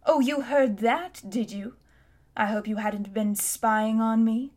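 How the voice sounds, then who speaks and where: A woman reading a storybook aloud, voicing a sly, self-satisfied elderly man with a slow, coaxing manner. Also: on the high side, steady tone, darkish tone. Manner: smooth, slow and coaxing, with a hint of menace.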